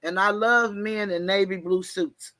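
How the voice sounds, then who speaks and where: A woman telling a story in an animated, folksy way, mixing slang and cussing. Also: medium pitch, a little slow, dry recording. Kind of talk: casual storytelling.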